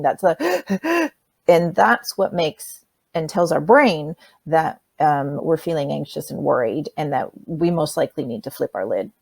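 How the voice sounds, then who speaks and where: A woman calmly teaching children simple breathing steps in a workshop lesson, speaking plainly and straight to them. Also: fairly low pitch, husky, no room sound. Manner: demonstrates by breathing sounds.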